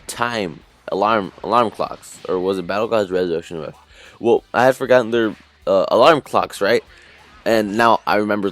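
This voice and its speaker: A man reviews an anime episode in a casual, meandering recap. He talks in a slightly low voice and stumbles through plenty of "uh"s and self-corrections. Soft music plays faintly behind him. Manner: rambling, lots of fillers and restarts.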